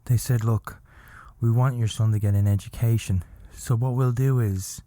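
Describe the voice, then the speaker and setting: A man from Ireland, telling a comic story as a podcast host in a halting, mock-earnest deadpan with long pauses. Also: medium pitch, no echo.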